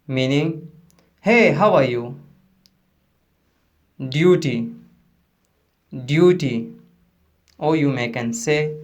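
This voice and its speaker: A man who is not a native English speaker, teaching pronunciation in a lesson and slowly repeating each word with care. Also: a little high, slight background noise.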